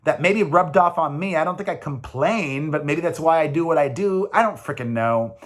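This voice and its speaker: A man's voice: on the high side, moderate pace. Chatty, emphatic man vlogging. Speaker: vlogger, single father. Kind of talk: casual confessional vlog.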